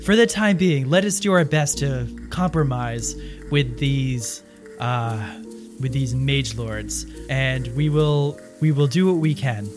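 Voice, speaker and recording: A man's voice: mid-range voice, slow, music in the background, lightly acted. A man voicing a serene temple sister in white. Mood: earnest.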